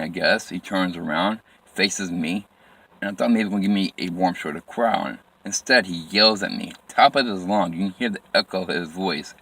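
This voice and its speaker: A man telling a personal story from his life in plain, halting phrases with frequent restarts and repetition. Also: deep voice, bright, forceful tone.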